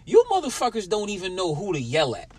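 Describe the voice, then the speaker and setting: A man's voice: high voice, huge pitch swings, fast talker, darkish tone, slight background noise. A young man hosting a podcast, ranting with lots of swearing and talking straight at his listeners in a sour, angry mood. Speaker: podcast host. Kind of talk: profane solo podcast rant.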